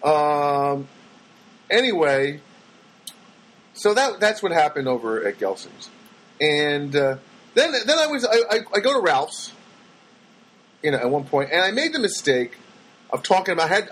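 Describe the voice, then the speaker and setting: A man's voice: on the high side, unhurried, long pauses, rough recording. A man telling rambling everyday stories in a casual monologue, acting out the voices of people he met. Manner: rambling, animated, acts out voices of people he quotes.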